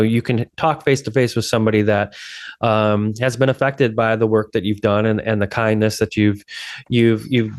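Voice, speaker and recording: A man's voice: on the low side, dry recording, studio quality. A man hosting a podcast, talking in a casual, earnest, rambling way. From Chicago area. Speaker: podcast host.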